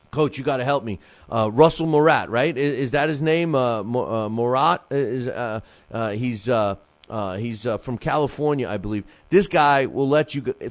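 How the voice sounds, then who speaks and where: A man's voice: medium pitch, no echo. A middle-aged man hosting a boxing talk show, rambling and getting fired up, with many restarts and fillers. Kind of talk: casual radio-style commentary.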